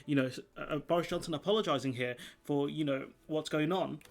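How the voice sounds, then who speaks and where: A man's voice: a little high, brisk, gravelly. A man giving rambling, frustrated political commentary, full of fillers and restarts.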